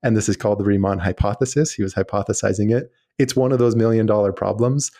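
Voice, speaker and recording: A man's voice: lowish voice, fairly even intonation, quick pace, mellow. A man, a guest mathematician, explaining ideas eagerly in casual chat with frequent fillers.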